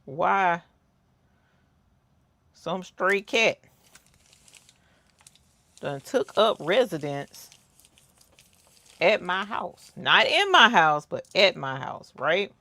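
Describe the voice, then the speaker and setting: On a crafting livestream, a woman with a lowish voice talks very slowly, pausing often, her pitch swinging widely and her delivery pushed and bright in a dry recording. She chats with viewers in a storytelling way and reads their chat comments out loud.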